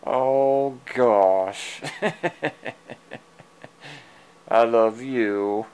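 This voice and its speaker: A man at home chatting fondly to his cats while filming them, meowing at them and chuckling softly, recorded on a handheld camera. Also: mid-range voice, drawn-out words, long pauses, smooth. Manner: fond, coaxing pet talk, meows at the cats, soft chuckles. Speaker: cat owner filming his pets. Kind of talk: casual talk to his cats. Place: at home indoors. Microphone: handheld digital camera mic.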